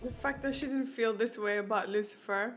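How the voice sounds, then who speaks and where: A woman's voice: a little high, a little fast, music in the background. A woman hosting a reaction video, chatty and laughing, talking back to the screen. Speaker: reaction channel host. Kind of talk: casual reaction commentary.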